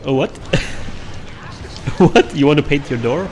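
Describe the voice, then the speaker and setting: A man's voice: on the high side, unhurried, a little hiss or hum. A man hosting a co-op game session in casual chat, joking and laughing often. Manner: laughs often, excitable, jokey. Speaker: gamer hosting a co-op stream.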